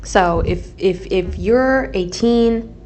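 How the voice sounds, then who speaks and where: A woman's voice: mid-range voice, slow, a little mellow, slight background noise. A woman in her twenties from the American Midwest, hosting a casual solo podcast vlog, chatty and blunt, swearing freely and checking in with "okay?". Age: 20s. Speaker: podcast host.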